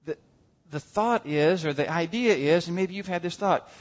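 A man's voice: a little high, moderate pace. Man preaching in a reverberant hall. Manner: conversational and humorous, asks "all right?". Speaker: pastor. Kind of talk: sermon. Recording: dull sound with long hall reverb.

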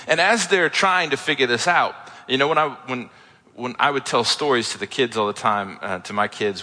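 A man's voice: medium pitch, pushed and bright. A man preaching a sermon as a pastor, retelling a story in a casual, conversational way with asides. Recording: echoey hall.

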